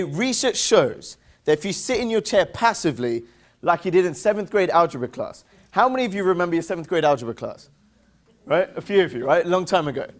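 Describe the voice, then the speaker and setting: An English-accented man with a high, bright voice runs a lively motivational seminar. He's upbeat, keeps drilling the crowd with yes-or-no questions in call-and-response fashion, and throws in teasing jokes.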